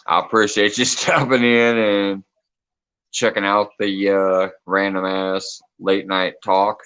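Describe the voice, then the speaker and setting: A man's voice: lowish voice, level tone, takes it slowly, a bit bright, clear, resonant tone, rough recording. A man hosting a casual late-night livestream chat, reading comments aloud, laughing often and swearing freely. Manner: loose, joking, swears freely. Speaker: livestream host.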